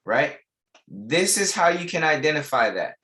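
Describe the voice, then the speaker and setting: A man's voice: on the high side, sing-song, normal speed, sharp tone. A young man teaching a live online trading class, repeating key lines with emphasis and casual slang. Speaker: trading instructor.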